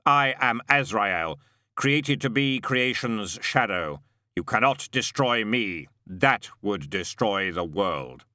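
A man voicing Death, slow and grave. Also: lowish voice, lively intonation, pushed and bright, no echo, studio quality, full character voice. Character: Death, a male angel of death, calm and ancient. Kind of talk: audiobook narration.

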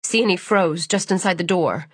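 A woman reads a novel aloud in a measured, steady storytelling voice. Her tone is husky and slightly breathy. The recording is close and dry. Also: on the low side, no room sound. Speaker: audiobook narrator. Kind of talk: scripted audiobook narration.

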